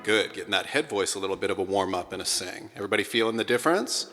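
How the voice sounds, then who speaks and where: Male vocal coach over loud piano. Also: on the low side, lively intonation, rapid-fire. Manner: encouraging, coaching singers through exercises with sung demonstrations. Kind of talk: guided singing warm-up lesson. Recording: echoey room with loud piano accompaniment.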